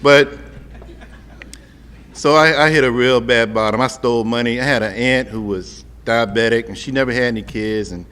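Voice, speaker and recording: A man's voice: mid-range voice, moderate pace, fairly bright tone, clear, resonant tone. Middle-aged man telling his story in a reverberant hall. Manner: conversational, humorous, addresses the crowd directly. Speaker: speaker sharing a recovery story. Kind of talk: storytelling talk to an audience. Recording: long hall reverb, faint ambient noise.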